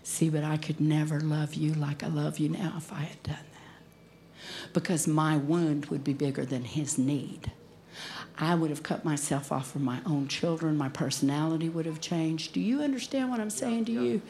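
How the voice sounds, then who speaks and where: Low-voiced woman preaching a heartfelt sermon. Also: fairly even intonation, normal speed, warm tone, slight background noise. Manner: emotional personal storytelling, dropping to near whispers. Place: conference hall.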